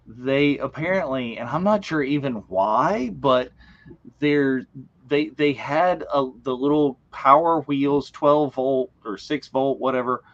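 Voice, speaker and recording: Laid back guy co-hosting a stream, medium voice, loses his train of thought, muffled sound. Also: medium pitch. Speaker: co-host. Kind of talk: casual chat. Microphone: video call. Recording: dull lo-fi stream audio.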